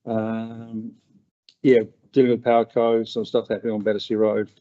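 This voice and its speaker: Flat-voiced New man reporting. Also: fairly low pitch. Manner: measured, halting report-back. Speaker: community board representative. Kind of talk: council meeting report. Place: council meeting room. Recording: dull lo-fi meeting recording.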